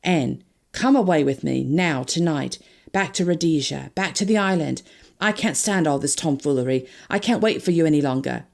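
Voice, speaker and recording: An impetuous young lover in an audiobook, his voice dropped low and gravelly, as a woman narrator plays him. He talks with urgent, commanding emphasis. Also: moderate pace. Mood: urgent, passionate.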